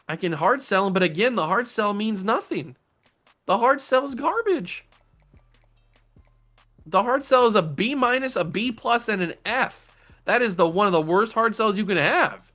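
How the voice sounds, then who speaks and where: A young man commentating his own football video game, slipping into melodramatic, exasperated rants. His voice sits somewhat high for a man, with faint music playing underneath. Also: a bit bright. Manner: melodramatic, ranting, exasperated outbursts. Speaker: gaming channel host.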